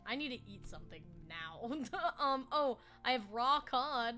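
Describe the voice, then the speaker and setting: A woman's voice: high voice, big pitch swings, a little slow, sharp tone, faint music behind. A woman in her twenties chatting casually while playing a game on stream, rambling and giggly. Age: 20s. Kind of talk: casual gaming chat.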